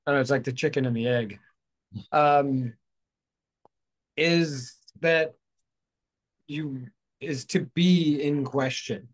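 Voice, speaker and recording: A man hosting a spiritual talk show, talking casually in a rambling, playful way, correcting himself as he goes. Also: mid-range voice. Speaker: host. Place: outdoors in hot weather.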